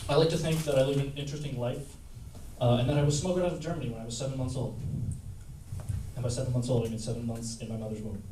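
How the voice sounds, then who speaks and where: A man at an open mic who tells a few halting jokes and then reads a poem in a coffee house. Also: medium pitch, steady tone, warm tone. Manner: joking, halting, full of fillers. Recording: echoey room from far off, with noise.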